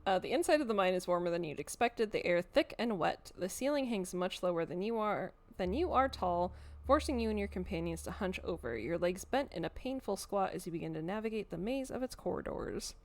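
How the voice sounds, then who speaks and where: A woman's voice: mid-range voice, expressive, a little fast. A woman streaming a game live, reading the story aloud in a casual, sweary way. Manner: casual, sweary, laughs often.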